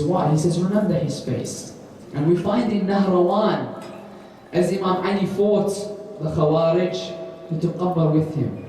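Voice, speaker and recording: A man's voice: sits high, mellow, slight background noise. A man giving a mosque lecture, telling stories and asking rhetorical questions. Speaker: preacher. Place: large mosque hall. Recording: echoey hall, mic far off.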